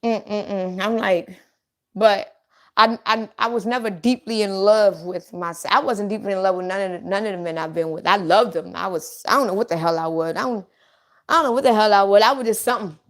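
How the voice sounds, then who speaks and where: A woman's voice: mid-range voice, fairly quick. A middle-aged woman chatting casually on a livestream, telling blunt, profane stories straight to her viewers.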